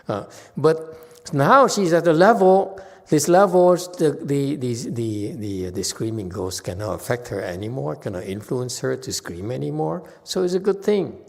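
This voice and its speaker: A man's voice: medium pitch, a little slow, gravelly. Man teaching in a reverberant hall. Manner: animated, chuckling, repeats himself. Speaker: Buddhist teacher. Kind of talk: Dharma talk and Q&A.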